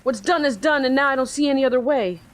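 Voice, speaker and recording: A woman's voice: high-pitched, quick pace, pitched above the performer's own voice, close to an everyday voice. A woman voicing a distraught sixteen-year-old boy from a video game, pleading and broken-up as she reads his lines. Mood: remorseful. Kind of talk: reading game dialogue aloud.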